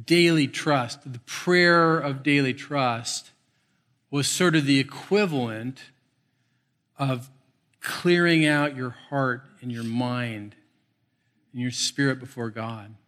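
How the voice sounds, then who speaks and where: A middle-aged male pastor preaching a sermon, telling animated stories with playful asides. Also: mid-range voice, slow pace, long pauses.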